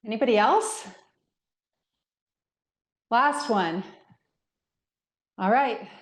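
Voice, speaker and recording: A woman's voice: fairly high pitch, drawn-out words. A middle-aged woman leading a guided workout class, counting reps and giving step-by-step movement cues. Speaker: fitness instructor. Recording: echoey room.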